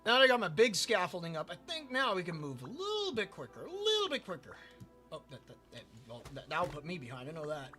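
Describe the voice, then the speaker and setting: A man streams a building game while telling a rambling story in a high, sharp voice with huge pitch swings and a quick pace, faint music behind. He often repeats himself and trips over his words in this casual gaming storytelling.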